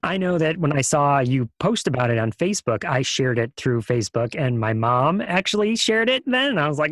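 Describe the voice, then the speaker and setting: A man's voice: a little high, sing-song, brisk, hardly any pauses, a bit bright, no room sound. A man co-hosting a podcast, joking sarcastically and then getting fired up about his point. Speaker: podcast co-host. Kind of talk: casual podcast chat.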